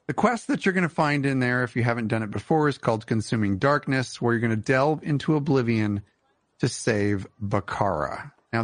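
A man's voice: medium pitch, no room sound. A man co-hosting a casual comedy podcast, joking and teasing his co-host as he talks.

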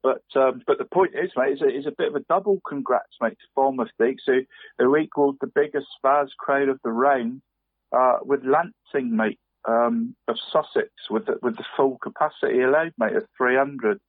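A man's voice: medium pitch, normal speed, no echo. Man saying "mate" on a tinny line. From Cornwall. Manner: says "mate" constantly, rambling with restarts. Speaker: podcast co-host. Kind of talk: casual football chat. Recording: dry, tinny phone-like line.

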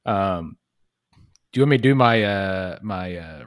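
Low-voiced man in a dry room. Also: measured pace, dry recording. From Kentucky. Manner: relaxed, filler-heavy talk. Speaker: co-host of beer tasting. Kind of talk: casual chat.

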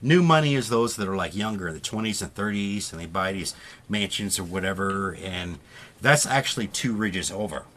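A man's voice: sits low, expressive, moderate pace, fairly bright tone. A man co-hosting a podcast, telling a rambling story in casual chat, laughing at himself often. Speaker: podcast co-host.

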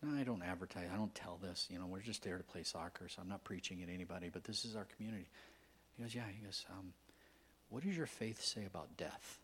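A man preaching a sermon as a guest pastor, telling stories in a conversational way and swinging from hushed whispers to loud, emphatic outbursts. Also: sits low, quick pace, a little hiss or hum.

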